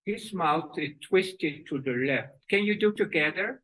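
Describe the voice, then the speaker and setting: A woman teaching children's breathing exercises and telling a story, with halting speech and fillers. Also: lowish voice, animated, pushed and bright, low-quality recording. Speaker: kids yoga teacher.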